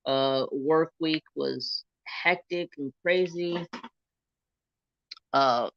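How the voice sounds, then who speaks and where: A man's voice: fairly high pitch, very slow, vocal fry, dry recording, muffled recording. A man hosting a casual crafting live stream from his phone, telling stories in a laid-back way, swearing and laughing often. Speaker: livestream crafting host.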